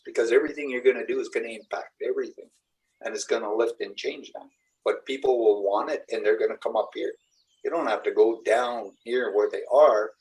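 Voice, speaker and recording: A man's voice: medium pitch, a little mellow, distant mic, rough recording. Middle-aged man, spiritual teacher, mid-range voice, loose earnest storytelling to a group. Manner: rambling, earnest storytelling with acted-out quotes. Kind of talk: live group teaching talk.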